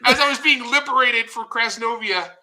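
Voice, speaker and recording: A man with a fairly high voice and a very bright, sharp tone tells stories as an interview guest. He talks in an animated, joking way, and the sound has the slight thinness of a video call. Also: normal speed. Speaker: guest author. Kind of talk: casual storytelling interview.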